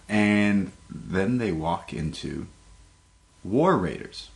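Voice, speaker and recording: A man's voice: on the low side, normal speed. A man co-hosting a podcast, chatting casually and retelling events with frequent laughter. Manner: laughs often, lively storytelling. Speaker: podcast co-host. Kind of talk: casual chat recapping wrestling.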